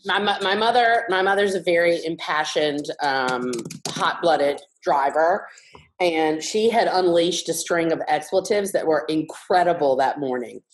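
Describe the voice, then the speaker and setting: Woman guest, lower register, blunt and profane storyteller, casual chat. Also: measured pace, rough recording. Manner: frank, profane, animated storyteller. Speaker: guest artist.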